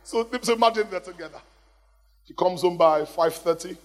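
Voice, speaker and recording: A man preaching a lively sermon in a church hall, calling out to the congregation for responses. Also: high-pitched, moderate pace. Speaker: pastor. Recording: long hall reverb.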